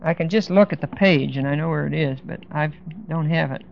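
A man teaching a verse-by-verse Bible lesson, speaking deliberately and with emphasis, stopping now and then to look up verses. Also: a little high, creaky, slight background noise. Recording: dull lo-fi recording.

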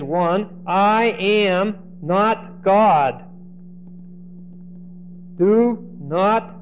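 A high-pitched male preacher teaching through a passage verse by verse. He acts out what the people in the story say and stumbles over repeated words as he starts a thought. The recording is muffled and lo-fi, with a faint hiss behind him. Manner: animated, acts out quoted speech, repeats words when starting. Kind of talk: expository Bible teaching.

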